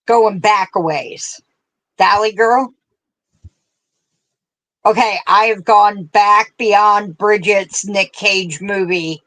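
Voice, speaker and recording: A woman's voice: medium pitch, steady tone, takes it slowly, long pauses, fairly bright tone. A woman with a central Pennsylvania accent, chatting casually on a craft livestream, laughing often and reading out viewer comments. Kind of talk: casual chat while crocheting.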